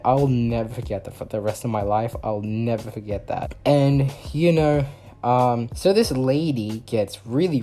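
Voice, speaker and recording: A man's voice: medium pitch, dark tone. A young man vlogger telling a story in a rambling way, full of fillers. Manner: rambling, filler-heavy casual talk. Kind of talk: storytime vlog.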